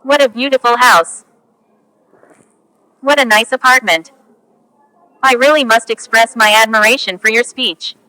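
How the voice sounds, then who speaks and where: Slow, bright woman reading phrases. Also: fairly high pitch, no room sound, rough recording. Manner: slow, careful, each phrase spoken on its own. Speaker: English teacher. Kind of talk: reading example phrases for learners.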